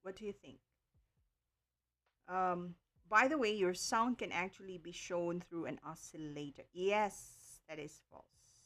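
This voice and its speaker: A woman's voice: lowish voice, fairly bright tone. A woman teaching an online livestream lesson, explaining carefully with many checks of "okay" and filler sounds. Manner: slow, careful explaining with frequent okays and ums. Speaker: online tutor.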